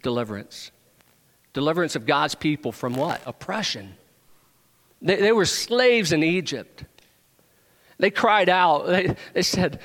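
A man preaching a sermon in a church, emphatic, rising to loud proclamations and dropping to hushed asides. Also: a little high, very animated, a little slow, pauses often. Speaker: pastor. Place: church sanctuary. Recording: long hall reverb.

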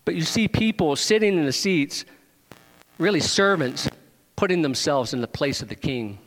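Preaching a sermon with animated energy, a male pastor climbs into emphatic questions and teases members of the congregation by name. His voice sits somewhat high for a man and moves at a moderate pace, with a long hall reverb trailing each phrase over slight background noise.

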